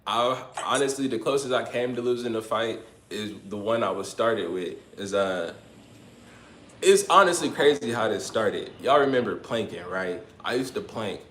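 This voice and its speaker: A man's voice: fairly low pitch, animated, normal speed, fairly bright tone. A man hosting a livestream, telling a story in loose, slangy casual chat and laughing now and then. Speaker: livestream host. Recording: roomy room with faint noise.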